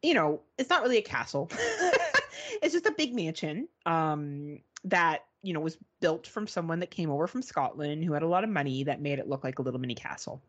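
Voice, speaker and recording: Woman podcast co-host, animated storyteller, very expressive pitch, salty language. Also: brisk. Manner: animated, swearing, mimics beeping sounds. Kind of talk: casual storytelling chat.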